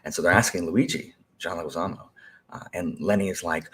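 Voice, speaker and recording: A young man talking casually to a live stream chat, rambling and animated, with many fillers and restarts. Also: low voice, brisk. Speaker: teacher.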